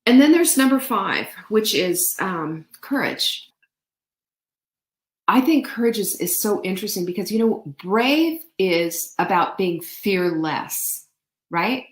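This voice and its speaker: A woman's voice: medium pitch, animated, slow. A middle-aged woman hosting a show, giving an upbeat, chatty motivational talk and answering viewer comments. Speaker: show host. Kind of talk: live-stream motivational talk. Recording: roomy echo.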